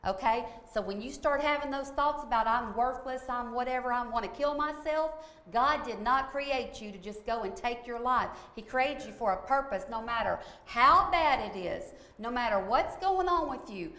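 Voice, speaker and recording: Woman preacher, higher voice, emphatic storytelling, roomy echo. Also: expressive, normal speed, few pauses, bright, forceful tone. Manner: emphatic, repeats "okay?" for emphasis. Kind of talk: sermon-style storytelling. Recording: echoey room.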